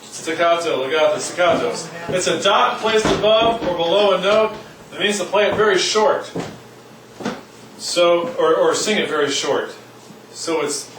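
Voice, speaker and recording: In an echoey room with faint noise and a far-off mic, a man teaches a relaxed music lesson, joking and singing short syllables to demonstrate. He speaks in a high voice, unhurried and pausing often.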